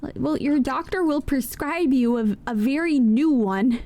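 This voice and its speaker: A woman's voice: high-pitched, unhurried, dark tone. A young woman who is a guest in a casual chat, adding playful, teasing remarks. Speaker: guest vtuber.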